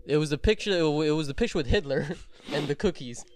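A man's voice: on the high side, expressive. A man co-hosting a casual podcast, joking around and swearing as he tells the news. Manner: joking, profane, fast storytelling. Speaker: podcast co-host. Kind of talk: casual chat.

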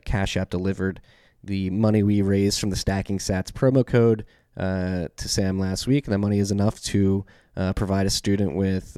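A man's voice: low voice, dark tone, smooth, no echo, clean studio sound. A man with a Philadelphia accent hosting a podcast, reading ads in a loose, chatty way with many ums and restarts. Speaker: podcast host. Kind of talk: casual podcast intro and ad reads.

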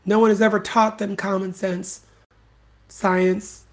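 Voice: mid-range voice, little pitch movement, slow pace. Profane, scornful solo commentary host. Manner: blunt, profane and scornful, hammering points by repetition. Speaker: podcast host.

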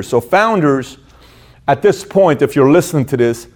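A man's voice: fairly high pitch, animated, moderate pace, darkish tone. A man hosting a motivational business talk, speaking emphatically, repeating phrases and acting out people's inner dialogue. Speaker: host.

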